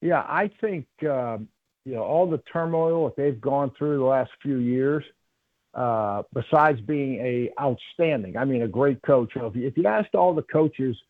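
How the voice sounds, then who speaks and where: A man's voice: mid-range voice, measured pace, no echo. A man who is a former football coach, calling into a radio show as a guest and talking in a rambling, folksy way with many fillers. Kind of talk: phone-in radio interview. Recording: tinny phone line.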